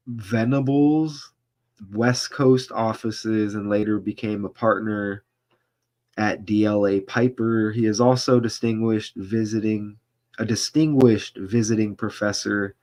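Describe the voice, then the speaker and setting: A man's voice: on the low side, a little mellow. A man vlogger reading a news article aloud and breaking off into commentary, stumbling over names and asking rhetorical questions.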